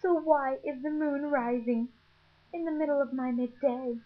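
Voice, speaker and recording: A young woman voicing a melodramatic teen half-vampire girl in a shrill, overwrought way, on a dull lo-fi mic. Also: steady tone, a little slow. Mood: dramatic.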